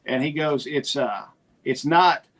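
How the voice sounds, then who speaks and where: A man's voice: medium pitch, a little slow. A middle-aged man, co-hosting a podcast and retelling conversations in casual chat. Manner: storytelling, animated retelling of conversations. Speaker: podcast co-host.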